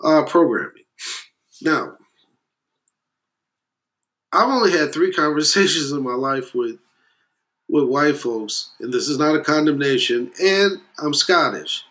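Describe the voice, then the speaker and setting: A man of West Indian heritage delivering a blunt, profane opinion rant, with loud emphatic bursts and muttered asides. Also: on the high side, animated, a little slow, pauses often. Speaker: commentator.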